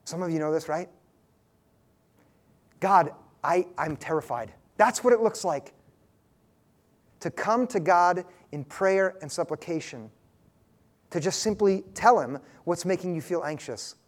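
A man's voice: high voice, lively intonation, a little slow. A man preaching a sermon as pastor, speaking earnestly and directly, often asking his listeners questions.

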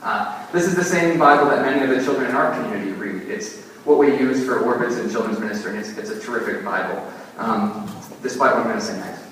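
Young man, pastor, sermon, animated storyteller, long hall reverb, faint background hum. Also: mid-range voice, quick pace, distant mic. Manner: animated, self-mocking storyteller. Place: church sanctuary. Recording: echoey church hall, mic from afar.

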